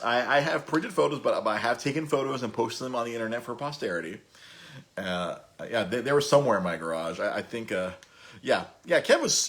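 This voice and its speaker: A man's voice: fairly low pitch, a bit bright. A man in his thirties hosting a podcast, telling stories in a rambling, laughing way with many restarts. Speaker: podcast host. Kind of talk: casual storytelling chat.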